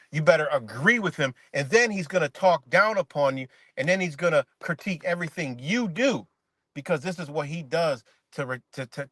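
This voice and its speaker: A man's voice: on the high side, fairly bright tone, no echo. Profane ranting man, dry close sound. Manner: profane, repetitive, rambling rant; reacts to live chat comments. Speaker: live streamer. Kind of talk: casual ranting commentary.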